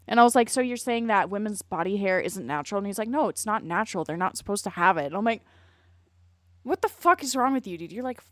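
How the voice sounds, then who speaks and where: A woman's voice: medium pitch, fairly bright tone, dry recording, studio quality. A woman streaming, chatting casually in a blunt, rambling way and swearing a lot. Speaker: streamer reacting to a video.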